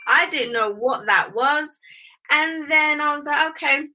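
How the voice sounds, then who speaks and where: A middle-aged woman, an interview guest, telling her story in an animated way and acting out the dialogue. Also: high voice, unhurried, low-quality recording. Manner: animated, acts out dialogue with lively quoted voices. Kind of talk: casual storytelling.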